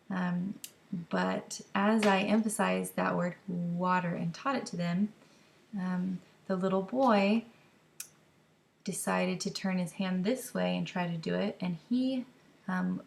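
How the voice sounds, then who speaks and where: A woman who is a mother calmly explains how to teach signs to babies, modelling words and sounds gently as she goes. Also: fairly low pitch, gravelly. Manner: slow, careful explaining with gentle demonstrations. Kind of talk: instructional talk to camera.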